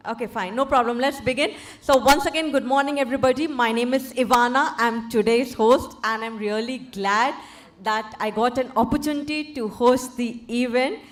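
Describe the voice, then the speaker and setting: Indian english lady emceeing a big event, high voice, chatty and teasing the crowd, mic in a hotel hall. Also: moderate pace. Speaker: event host. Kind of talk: live event hosting, addressing an audience. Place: large indoor hotel hall.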